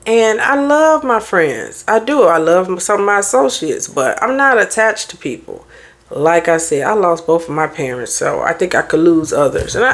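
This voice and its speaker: A middle-aged woman therapist and life coach, giving blunt, preachy motivational advice in a casual talk. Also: lowish voice. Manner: blunt, animated, preachy advice with mimicked quotes.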